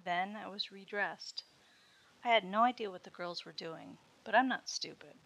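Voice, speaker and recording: A woman reading a first-person story aloud as its narrator, in a steady storytelling manner. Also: medium pitch, moderate pace, creaky. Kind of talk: scripted erotic story narration.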